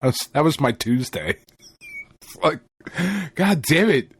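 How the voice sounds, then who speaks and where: A man's voice: medium pitch, very animated, slow pace, slightly rough. A man co-hosting a podcast, telling a story in casual, profane chat and laughing often. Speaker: podcast co-host.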